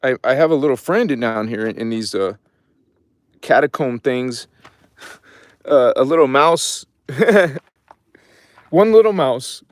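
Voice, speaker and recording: A middle-aged man, hosting a spiritual livestream from his phone. He swings between mumbled casual chatter and fervent shouted invocations. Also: mid-range voice, lively intonation, measured pace, pauses often, no room sound. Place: by his truck in a cold underground space at night.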